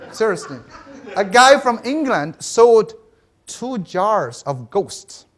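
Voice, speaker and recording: Speaking extremely slowly, a lively high-voiced man gives a keynote as an education professor in a conference hall. He tells stories with energy, checks in with the audience using "right?", and frequently restarts.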